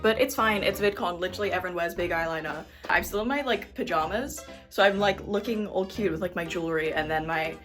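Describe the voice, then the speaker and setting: A woman with an Australian accent filming herself on a phone at a convention, chatty and excitable, swearing casually. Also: fairly low pitch, a little fast. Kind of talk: handheld vlog clips. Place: busy convention hall and lounge, indoors. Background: loud music.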